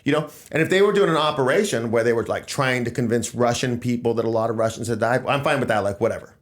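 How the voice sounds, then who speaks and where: A man's voice: mid-range voice, quick pace. A man hosting a casual political podcast, talking in an emphatic, rambling way. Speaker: podcast host.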